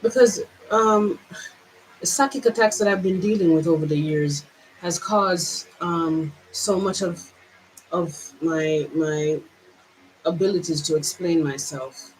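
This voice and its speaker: A woman vlogger with a Jamaican accent, pouring out her feelings in a halting personal monologue full of restarts. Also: lowish voice, slight background noise, low-quality recording.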